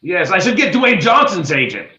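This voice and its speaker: Guy hosting a jokey news bit, high voice that swings around a lot, roomy dull sounding mic. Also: very animated, bright, forceful tone. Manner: dry, deliberate punchline delivery. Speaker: comedy news host. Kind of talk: comedic fake news segment.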